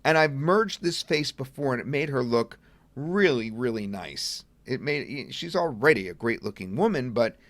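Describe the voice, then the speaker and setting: Sitting at his computer desk, a middle-aged man gives a casual webinar walkthrough of a software demo, chatting easily and thinking aloud as he clicks. His average-pitched voice is expressive and moderately paced, recorded close and dry with no echo. Keys clack now and then in the background.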